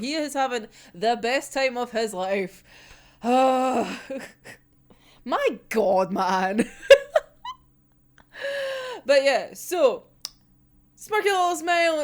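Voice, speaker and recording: An excitable woman ranting about a manga chapter, swearing freely and breaking into laughter. Her voice is high, and her pitch leaps about with every outburst. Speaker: manga reviewer. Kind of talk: casual reaction ranting.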